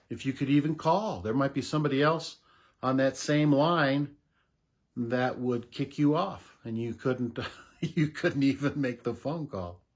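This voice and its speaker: A middle-aged man giving unhurried, casual advice to camera as a voice coach, explaining with soft laughs. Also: mid-range voice, slightly rough.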